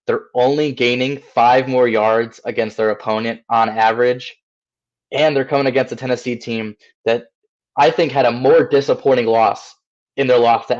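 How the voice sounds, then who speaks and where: A man co-hosting a sports show, making his case calmly with stats. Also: medium pitch, dull audio. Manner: measured, cites stats. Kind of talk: casual sports analysis.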